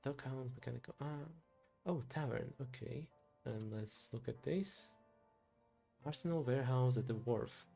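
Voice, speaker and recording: A man streaming a story game, softly thinking aloud to himself as he plays. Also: medium pitch, measured pace, gravelly, soft background music. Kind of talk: quiet game commentary.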